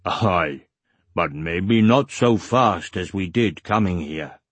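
A man voicing a bulky male monster warrior who speaks slowly, solemnly and formally in a husky voice. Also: sits low, expressive, no room sound, pitched below the performer's own voice, full character voice. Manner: slow, solemn, formal speech.

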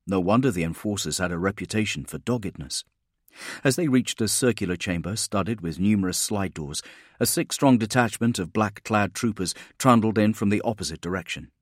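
Low-voiced man narrating an audiobook. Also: no room sound, studio quality. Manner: steady, measured storytelling. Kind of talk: scripted narration.

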